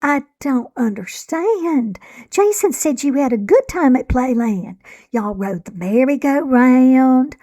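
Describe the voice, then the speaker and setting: A gentle mother coos and coaxes her child in a storybook reading, her words slow and patient. A woman narrator voices her with a soft, slightly raised pitch. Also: animated, exaggerated voice. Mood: reasoning. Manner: soft, coaxing, cooing. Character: gentle, worried Southern mother.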